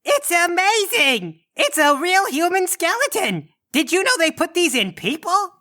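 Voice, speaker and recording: A man voicing an excitable little male monster child, squealing with glee. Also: very high voice, unhurried, voice pushed up, exaggerated voice. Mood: thrilled. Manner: squealing, gleeful.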